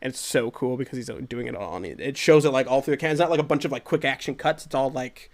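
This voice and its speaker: A man's voice: mid-range voice, quick pace. A young man co-hosting a podcast, reviewing a movie in casual, profane chat and acting out the scenes with energy. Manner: excitable, profane, acts out scenes. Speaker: podcast co-host.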